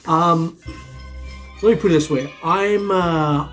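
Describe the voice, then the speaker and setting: A man's voice: on the high side, fairly even intonation, moderate pace, a bit bright, faint music behind. A man hosting a metal detecting vlog, chatting to viewers in a loose, rambling way, chuckling often and calling everyone "man". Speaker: metal detecting channel host. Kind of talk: casual vlog chat to viewers.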